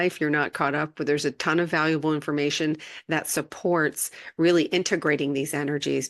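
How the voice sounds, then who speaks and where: A woman hosting a casual spiritual energy update, gentle and reassuring, laughing now and then. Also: low-pitched. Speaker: spiritual channel host.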